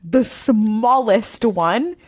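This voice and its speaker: A woman in casual, rambling fan chat, excitable and swearing often. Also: on the high side, very slow, breathy edge.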